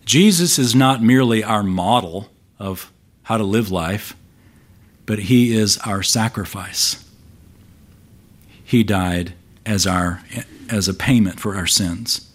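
A man's voice: lowish voice, slow pace, long pauses. A man pastor preaching an expository sermon, emphatic and asking rhetorical questions of his listeners. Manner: emphatic, shifts volume for stress.

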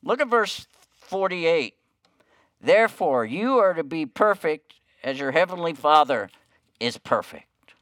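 Man preaching a sermon, smooth and dry. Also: fairly high pitch, very animated, a little slow, no echo. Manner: storytelling with quiet, hushed quoted lines and rising emphasis. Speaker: pastor.

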